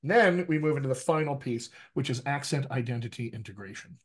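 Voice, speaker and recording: A man working as a dialect coach, teaching a workshop over a video call with an animated, emphatic manner. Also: mid-range voice, a little fast, slightly rough. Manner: animated, emphatic, repeats phrases for effect.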